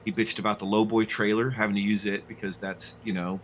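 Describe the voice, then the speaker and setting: A man who hosts a game stream, telling a story in casual, animated, profane chat. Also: on the low side, fairly quick, a little hiss or hum. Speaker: streamer and host.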